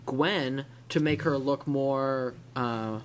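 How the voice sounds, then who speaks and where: This podcast host, a man from the Illinois-Wisconsin part of the US, talks comics casually, wandering with many fillers and restarts. His medium-pitched voice moves slowly, with slight noise in the background.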